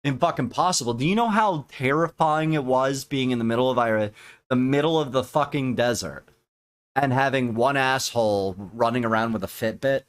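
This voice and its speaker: A man's voice: mid-range voice, normal speed, clear, resonant tone. A man co-hosting a podcast, talking bluntly and crudely in casual banter. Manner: blunt, crude, provocative talk. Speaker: podcast co-host.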